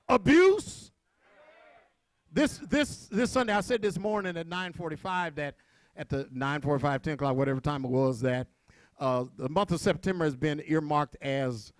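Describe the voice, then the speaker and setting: A man preaching a sermon to his congregation, with call-and-response, shouted peaks and quiet asides. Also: on the high side, normal speed, no room sound. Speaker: pastor.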